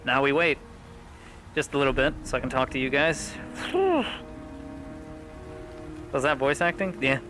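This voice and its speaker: Relaxed, joking male streamer talking casually between roleplay scenes, steady mid-range voice, clear game music behind. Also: mid-range voice, unhurried, long pauses, poor audio. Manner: laid-back, joking, swears freely.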